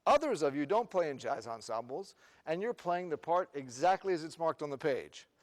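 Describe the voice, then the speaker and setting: A man running a band rehearsal in a large room with a long, ringing reverb. His voice sits a bit higher than most men's as he counts the players in and sings short rhythm syllables to demonstrate. Between run-throughs he fires quick questions at the ensemble. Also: expressive. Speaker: band clinician.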